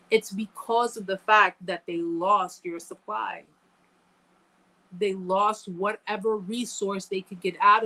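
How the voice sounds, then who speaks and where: A woman hosts a live-stream chat and talks to her viewers in an earnest, emphatic way. Her voice sits at an average pitch for a woman. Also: fairly bright tone, poor audio. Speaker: host answering live chat.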